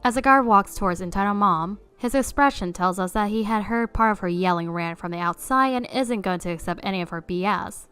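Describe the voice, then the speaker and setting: A woman reading online stories aloud as a narrator in a steady storytelling way. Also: medium pitch, brisk, few pauses, clean tone.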